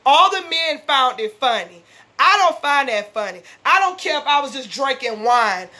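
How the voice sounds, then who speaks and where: A woman's voice: high-pitched, sing-song, normal speed, bright, forceful tone. A woman vlogger, ranting bluntly and profanely as she recaps a reality show episode. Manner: fired-up, blunt, heavy profanity. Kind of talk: casual recap rant.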